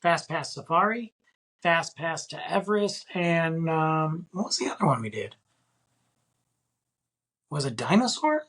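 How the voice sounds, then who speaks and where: Man, middle-aged, podcast host, husky voice, casual rambling chat, lots of fillers. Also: fairly high pitch, lively intonation, unhurried, long pauses, a bit bright, poor audio. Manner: rambling storytelling with many fillers.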